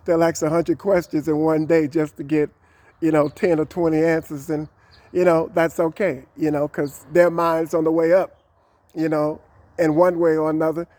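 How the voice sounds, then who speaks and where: A man's voice: on the high side, a little mellow, no room sound. A man talking to camera in a rambling, encouraging way, with many fillers, recorded outdoors. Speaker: vlogger. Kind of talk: casual talk to camera.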